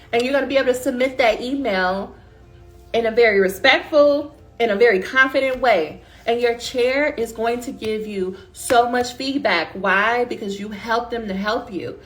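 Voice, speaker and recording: A woman dissertation coach giving a casual motivational pitch, colloquial and emphatic, talking straight to her listeners. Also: normal speed, soft background music.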